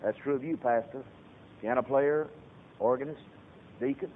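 A man preaching a sermon as a pastor, swinging from hushed talk to loud shouted peaks. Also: medium pitch, moderate pace, slight background noise. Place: church sanctuary. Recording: tinny lo-fi sermon recording in reverberant hall.

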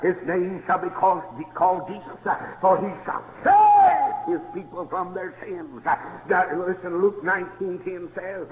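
A man preaching a sermon, telling stories and rising into shouted praise. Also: sits high, expressive, measured pace, few pauses. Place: church. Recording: echoey hall, tinny lo-fi sound.

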